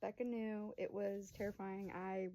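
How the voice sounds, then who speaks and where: A woman's voice: medium pitch, flat delivery, measured pace, warm tone, rough recording. A woman in her early twenties telling a family story to camera in a rambling, chatty way, full of fillers and acted-out quotes. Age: 20s. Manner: acts out voices of family in quotes. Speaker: vlogger and young mother.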